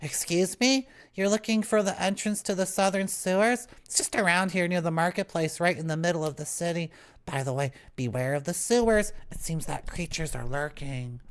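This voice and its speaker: A man's voice: sits high, normal speed, smooth, voice pushed up, close to an everyday voice. A man voicing a small chatty gnome townsperson with a tight, locked-jaw voice while playing a video game live. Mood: helpful, wary.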